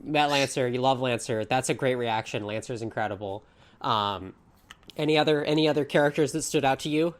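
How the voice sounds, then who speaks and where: Measured woman podcast host. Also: very deep voice. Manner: measured, encouraging interviewer. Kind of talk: casual chat.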